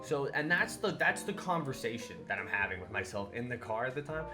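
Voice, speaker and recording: A man hosting a casual solo podcast, rambling through his thoughts with lots of fillers and animated bursts when he retells his own anger. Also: medium pitch, brisk, music in the background. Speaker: podcast host.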